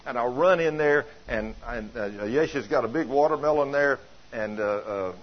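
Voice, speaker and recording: A man preaching a sermon in a folksy, animated, conversational way, full of homespun stories. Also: medium pitch, normal speed. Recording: dull lo-fi recording.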